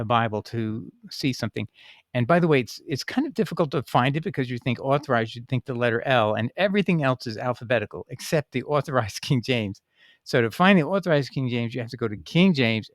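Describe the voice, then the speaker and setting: A man of ordinary pitch talks through scripture in an unhurried, informal way, stopping for "uh" and restarting his sentences as he thinks. The sound is close and dry, with almost no room echo. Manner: thinking aloud with fillers and restarts, reading passages aloud. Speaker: Bible teaching channel host. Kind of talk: casual spoken Bible commentary.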